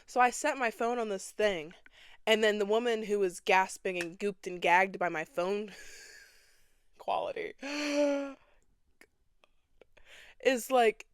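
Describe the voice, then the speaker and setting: Young woman host, casual dramatic storyteller with sass, smooth voice, dry close sound. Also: medium pitch, slow pace, pauses often, dry recording. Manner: dramatic, sassy, acts out other people's lines. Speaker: podcast host.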